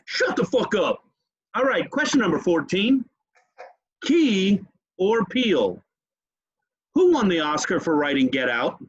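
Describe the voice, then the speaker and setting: A loud, joking man runs a trivia game and swears freely as he goes. His voice sits slightly high and swoops all over. The recording sounds dull and lo-fi. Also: sing-song, a little slow, pauses often, breathy edge. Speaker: podcast host, trivia quizmaster. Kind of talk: casual bar-room chat.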